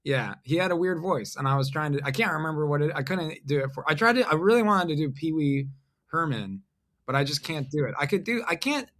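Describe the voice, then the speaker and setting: A man chatting as a podcast guest, speaking in a halting, deadpan, self-deprecating way. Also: on the high side. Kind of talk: casual conversation.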